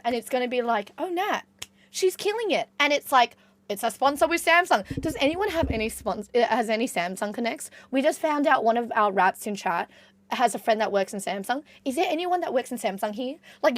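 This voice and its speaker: Young woman, streamer, chatty and excitable, higher pitch, dry recording. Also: dry recording. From Australia. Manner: excitable, swings between squeals and low mutters. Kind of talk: casual live-stream chat.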